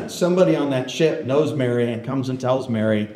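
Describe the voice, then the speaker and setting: A man, a historian, tells an animated story to an audience and keeps checking in with them. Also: mid-range voice, moderate pace, a little hiss or hum. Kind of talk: storytelling lecture. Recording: roomy hall echo.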